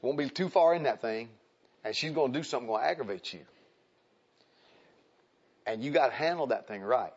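A man's voice: brisk, pauses often, breathy edge. A man preaching a folksy sermon, acting out the people in his stories. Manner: folksy, animated, acts out quoted people in high voices. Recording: dull lo-fi recording.

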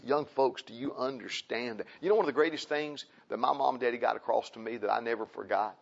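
A man preaching a sermon, impassioned and repetitive, swinging from loud emphasis to quiet pleading. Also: medium pitch. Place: church. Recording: dull lo-fi recording.

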